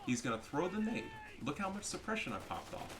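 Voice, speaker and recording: A man giving casual, profane commentary over a strategy game, getting loud and excited at big plays. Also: high-pitched, brisk, noisy background. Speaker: gaming commentator.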